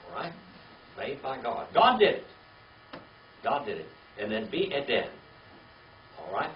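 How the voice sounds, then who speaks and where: Speaking at a moderate pace in a medium-pitched, animated voice, a man runs a Bible lesson for a small class. Questions, repeated key words and an "all right?" after each point mark his teaching. The recording comes from a distance in a dull, echoey room with faint hiss.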